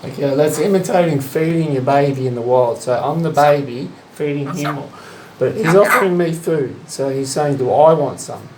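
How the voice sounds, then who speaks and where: An Australian man in a casual pet training vlog, coaxing his bird in a high sing-song voice and repeating short phrases, recorded on a handheld phone. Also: moderate pace, few pauses, background noise. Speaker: bird owner and vlogger.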